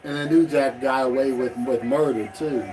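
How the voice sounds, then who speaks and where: A man co-hosting a casual reaction chat, explaining and correcting in halting speech with fillers. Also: medium pitch. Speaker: co-host.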